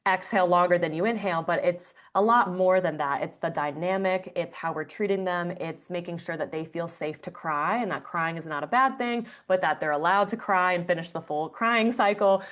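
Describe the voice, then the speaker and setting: A woman's voice: fairly low pitch, moderate pace, few pauses, a bit bright. A woman guest on an interview podcast, explaining breathwork earnestly with frequent fillers. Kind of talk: conversational interview answer.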